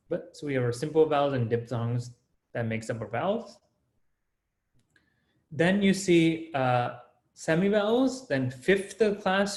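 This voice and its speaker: A man's voice: mid-range voice, a little mellow, roomy sound. A man teaching an online class, explaining rules step by step and often checking in with the students. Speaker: Sanskrit teacher.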